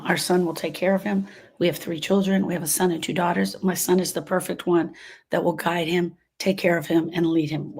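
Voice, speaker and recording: A woman in her 60s from Louisiana speaks in a fairly low voice with a breathy edge. She hosts a grief podcast and earnestly tells listeners her heartfelt story, repeating phrases for emphasis.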